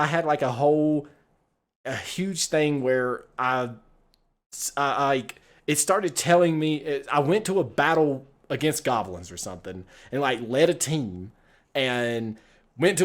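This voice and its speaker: Rambling, profane American man streaming a game. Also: medium pitch. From United States. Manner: rambling, profane, laughs often. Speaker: streamer playing a text adventure game. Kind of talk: casual gameplay commentary.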